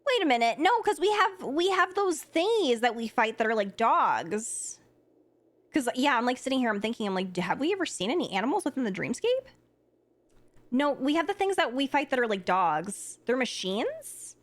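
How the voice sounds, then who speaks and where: A woman's voice: high voice, big pitch swings, moderate pace. A woman streaming a game live, chatting casually and thinking aloud with lots of fillers.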